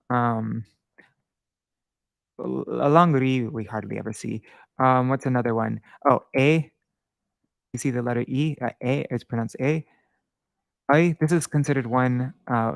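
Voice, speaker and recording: A man giving an informal screen-share lesson on Sanskrit verse, halting with many fillers and self-corrections. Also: mid-range voice, vocal fry, no room sound. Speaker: Sanskrit teacher.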